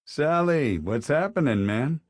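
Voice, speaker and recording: Man putting on a teasing male teacher, mocking and jokey, raised lively pitch, dry close sound, audiobook figure. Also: measured pace, no echo, natural voice. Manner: mocking, joking. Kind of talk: audiobook character voice.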